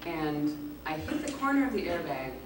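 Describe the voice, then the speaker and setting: A woman guest at a convention Q&A, telling a lively anecdote, acting out the quotes and laughing often. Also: low voice, moderate pace. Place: large echoey convention hall. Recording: echoey hall, distant mic, background noise.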